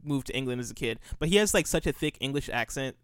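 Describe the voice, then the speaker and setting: Smooth-voiced man chatting loosely. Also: medium pitch, expressive, fast, fairly bright tone, dry recording, clean studio sound. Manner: rambling, restarts often, laughs easily. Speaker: co-host. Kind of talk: casual podcast chat.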